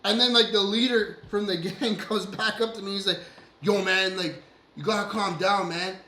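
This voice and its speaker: A man's voice: sits high, fairly even intonation, normal speed, pushed and bright, slight background noise. A man co-hosting a casual show, telling a story with swearing and laughter and acting out the lines of other people. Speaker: podcast co-host. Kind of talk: animated storytelling among friends. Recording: roomy echo.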